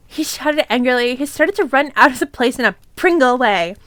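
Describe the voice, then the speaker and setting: A woman streamer reads a fanfic aloud, swearing freely and breaking off for giggly, irreverent asides. Her voice is high, and the sound is close and dry with no room around it. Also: lively intonation, moderate pace, a bit bright, no echo.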